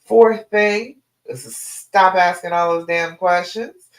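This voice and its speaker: A woman's voice: lowish voice, fairly even intonation, slow pace. Emphatic woman coach in an echoey room. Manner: direct and emphatic, calls listeners "honey". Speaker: relationship coach. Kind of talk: live stream coaching talk.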